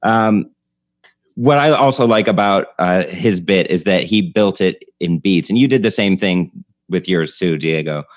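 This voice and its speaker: This is a man hosting a casual podcast, his voice sitting very low. He rambles, restarts his sentences and laughs between thoughts. The sound is dry and close. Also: measured pace, no echo. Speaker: podcast host. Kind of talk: casual chat about comedy.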